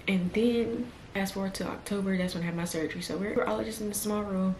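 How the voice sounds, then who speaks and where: A woman's voice: medium pitch, steady tone, fast talker, darkish tone, echoey room, slight background noise, poor audio. A young woman in her twenties telling a personal story on her vlog, emotional and trying not to cry. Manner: emotional, fighting back tears. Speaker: vlogger.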